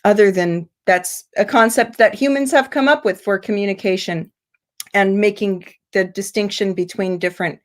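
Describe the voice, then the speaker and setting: A woman from the United States teaching English pronunciation in an online seminar, explaining slowly and stretching out example words over a video call. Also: mid-range voice. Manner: slow, deliberate explaining with drawn-out example words.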